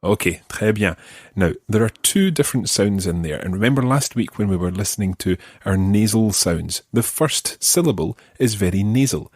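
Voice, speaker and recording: A Scottish man teaching a podcast language lesson, patiently modelling each word slowly and carefully. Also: lowish voice, expressive, no echo, studio quality. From Scotland.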